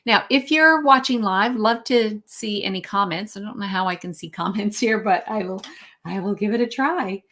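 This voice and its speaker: Woman calmly guiding a breathing lesson. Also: medium pitch, normal speed. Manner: relaxed, guiding, with fillers and self-corrections. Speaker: wellness coach. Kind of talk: live-streamed breathing lesson. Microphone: phone.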